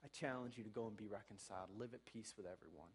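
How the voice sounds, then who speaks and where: Quick-paced and on the low side, a male pastor preaches with earnest exhortation to his congregation. He alternates between soft and loud and acts out sample apologies as ordinary conversation.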